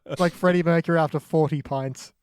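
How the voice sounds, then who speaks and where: A man's voice: a little high, fairly even intonation, fairly quick, darkish tone, clean tone, dry recording. A man co-hosting a comedy podcast, cracking dry jokes. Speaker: podcast co-host. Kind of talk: casual comedy podcast banter.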